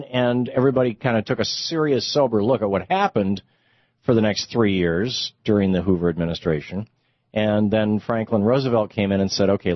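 A man's voice: fairly low pitch, husky, no echo, muffled recording. A man hosting a radio talk show, explaining in a conversational, emphatic way with rhetorical questions.

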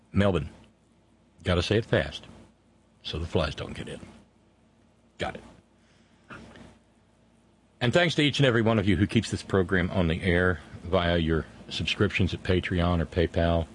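Male talk host, middle-aged, earnest and halting, fairly low voice. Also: slight background noise. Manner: earnest, halting with many restarts. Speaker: radio show host. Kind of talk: casual on-air chat and sign-off.

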